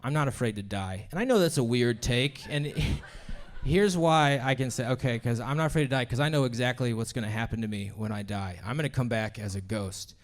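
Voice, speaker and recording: A man's voice: mid-range voice, fairly quick. A young man performing a brash, crude stand-up set in a comedy club, laughing at his own jokes.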